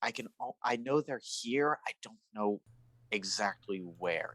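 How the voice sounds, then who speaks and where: A man's voice: fairly low pitch, measured pace, a bit bright, dry recording. A man playing his character at a tabletop game, talking in a dry, sardonic way. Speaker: player.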